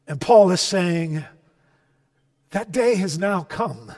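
A man preaching a sermon as pastor, emphatic, swinging between loud declarations and soft asides. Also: high-pitched, animated, takes it slowly, pauses often, long reverb tail. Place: church.

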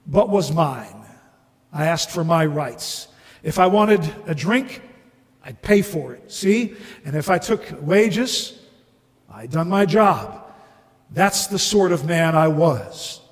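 A man voicing an indignant, self-righteous male ghost who insists loudly on his rights, reading in a sermon. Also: fairly high pitch, lively intonation, slow pace, in a large hall. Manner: loud, aggrieved, insistent.

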